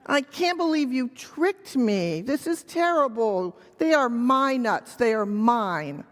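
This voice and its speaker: A woman's voice: fairly high pitch, lively intonation, takes it slowly, in a large hall. A woman voicing a greedy, frantic male monkey who hoards nuts, whiny and wailing.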